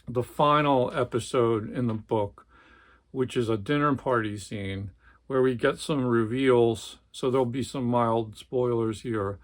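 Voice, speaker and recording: A man hosting a book review channel, reading a novel passage and then discussing it. He talks in a conversational, slightly halting way. His voice sits in a middle pitch. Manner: conversational, hesitant with fillers.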